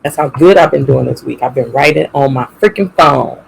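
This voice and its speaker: A podcast co-host talking casually, playful and expressive, growing animated on feelings. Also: mid-range voice, brisk, creaky, husky, rough recording. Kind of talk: casual chat.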